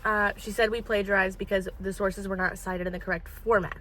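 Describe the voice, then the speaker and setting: A woman's voice: mid-range voice, flat delivery, fairly quick, a bit bright. A teenage girl co-hosting a casual podcast chat, blunt and rambling, swearing freely as she vents. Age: teens. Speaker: podcast co-host.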